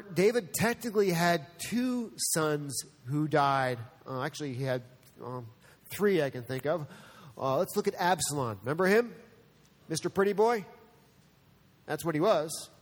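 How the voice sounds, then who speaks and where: Pastor, male, high voice, earnest sermon delivery, long hall reverb. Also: moderate pace. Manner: earnest, shifts between soft and animated.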